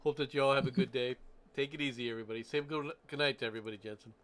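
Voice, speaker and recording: A man's voice: mid-range voice, rapid-fire. A man hosting a casual stream who laughs often and jokes with his co-host. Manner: laughs often, animated and joking.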